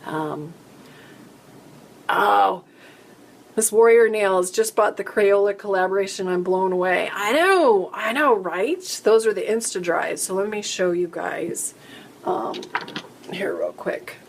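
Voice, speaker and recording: A woman's voice: medium pitch, slow, gravelly. A woman hosting a casual live-stream chat, answering viewer questions in a rambling, chatty way that often breaks off mid-sentence. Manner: chatty, rambling, self-interrupting.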